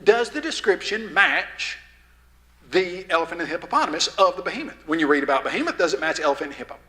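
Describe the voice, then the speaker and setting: A Southern man teaches a crowd of young people in a folksy, animated way, throwing questions out to the room. His voice sits high and sounds bright and forceful. It rings with the long reverb of a church hall. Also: fast talker. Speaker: youth rally speaker. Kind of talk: lively teaching talk to teens. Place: church hall, live audience.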